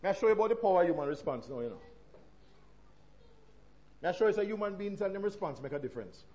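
High-voiced Jamaican preacher. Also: male voice, lively intonation, fast, muffled recording. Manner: emphatic preaching with sharp swings from loud to hushed. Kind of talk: sermon.

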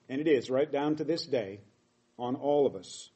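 A man's voice: mid-range voice, moderate pace, warm tone. A middle-aged man preaching a sermon, reading scripture aloud and explaining it with emphatic quoted lines.

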